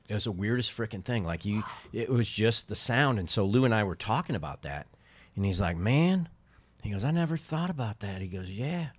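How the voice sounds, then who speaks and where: A middle-aged man with a fairly low voice, once a co-owner of a baseball team, rambles through stories in casual conversation. He keeps breaking off his own sentences, and the recording has no echo.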